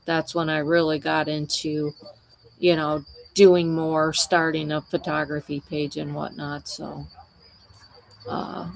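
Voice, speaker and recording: A woman's voice: low voice, vocal fry, a little hiss or hum. A woman wildlife photographer chatting casually with livestream viewers, telling meandering, conversational stories.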